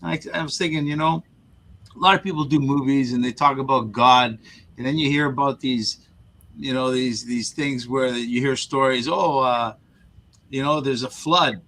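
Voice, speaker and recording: A man's voice: medium pitch, steady tone, normal speed, fairly bright tone, low-quality recording. A man who is a guest on an interview show earnestly recounts a personal story, often repeating words and restarting his sentences. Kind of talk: conversational storytelling.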